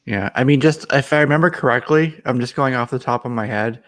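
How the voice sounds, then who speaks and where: Male co-host, mid-pitched, dry joking delivery, dead dry room. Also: brisk, fairly bright tone, no echo. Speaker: podcast co-host. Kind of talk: casual fan chat.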